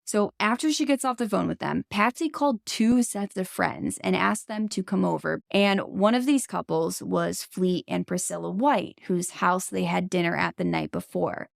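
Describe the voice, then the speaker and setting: A woman's voice: on the low side, moderate pace, vocal fry, hardly any pauses, no echo, studio quality. A woman hosting a true-crime podcast in casual chat. She is blunt and opinionated and swears freely. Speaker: podcast host.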